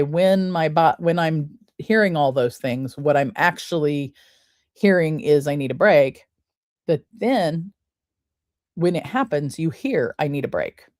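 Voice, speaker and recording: A woman with a low voice walks listeners through a breathing exercise, counting each breath aloud. She speaks unhurriedly and soothingly, like a wellness coach. The recording is dry and close, with no room sound. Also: a little mellow, dry recording. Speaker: podcast host. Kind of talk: guided breathing and wellness talk.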